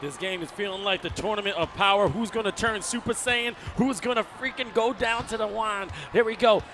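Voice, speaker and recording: A man giving live video game basketball commentary, excitable and full of colorful quips, often bursting into shouts. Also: high voice, brisk, background noise. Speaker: esports commentator.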